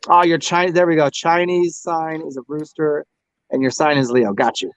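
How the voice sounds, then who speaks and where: A man's voice: on the high side, steady tone, normal speed, no echo. An American man hosting a casual tarot livestream, rambling and crude, taunting the people who join. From United States. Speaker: livestream host reading tarot.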